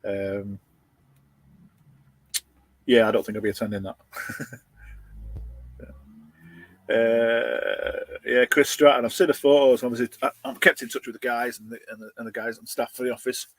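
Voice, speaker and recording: A man's voice: medium pitch, steady tone, measured pace, pauses often, no echo. Man, middle-aged, casual live chat, dry close sound. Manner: chatty, thanks viewers by name, laughs between lines. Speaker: livestream host reading viewer comments. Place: his van.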